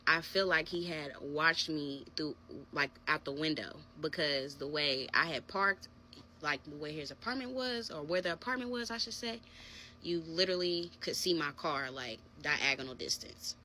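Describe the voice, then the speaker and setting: A woman's voice: low-pitched, moderate pace, a little hiss or hum. A woman telling a personal story in a casual, chatty storytime vlog, talking straight to her viewers. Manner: chatty, animated, addresses viewers as y'all.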